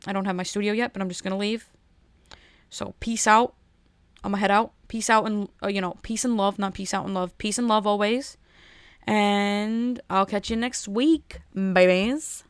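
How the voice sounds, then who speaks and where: Woman podcast host, rambling casual solo chat from a home setup, smooth voice, dry close sound. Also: medium pitch, steady tone, normal speed, dry recording. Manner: rambling, heartfelt, with many restarts.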